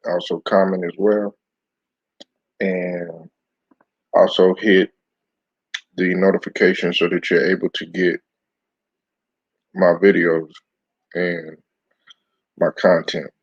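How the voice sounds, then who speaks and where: Casting note: very low, husky male host, relaxed live-stream sports chat, muffled lo-fi sound. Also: takes it slowly, pauses often, dry recording. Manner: loose, chatty, greets viewers by name.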